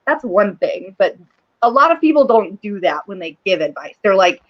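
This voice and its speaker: A woman's voice: medium pitch, very animated, normal speed, highs cut off. A woman with a Southern US accent, a guest in a casual writing chat, talking loosely with lots of "you know" and "like". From Southern United States. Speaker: guest writer.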